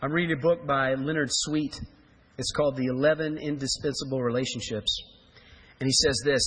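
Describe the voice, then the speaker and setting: Lively pastor preaching in a big hall. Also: male voice, mid-range voice, a little fast, breathy edge. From Kansas. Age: 40s. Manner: animated storytelling, jokey asides. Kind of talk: sermon. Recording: reverberant hall.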